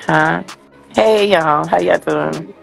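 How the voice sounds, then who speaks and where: A woman's voice: deep voice, takes it slowly, vocal fry, faint music behind. A woman passenger filming herself on her phone, upset and teary, talking in a frustrated, confrontational, rambling way. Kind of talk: casual phone vlog.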